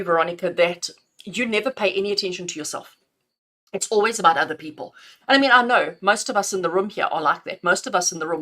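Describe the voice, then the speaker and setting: A middle-aged woman with a bright, clear tone gives intuitive messages on a live stream. She talks in a chatty, affectionate way and laughs easily between readings. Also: fairly low pitch. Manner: affectionate, chatty, calls listeners "my darling". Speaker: intuitive reader.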